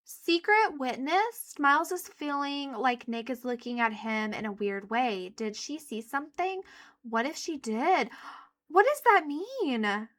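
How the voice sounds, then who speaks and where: A young woman gives a chatty let's play commentary, addressing viewers as she plays a life-sim game. Her voice is bright and fairly high, and her pitch leaps around as she reacts. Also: unhurried. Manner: chatty, excitable, talks to viewers. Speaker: gaming YouTuber.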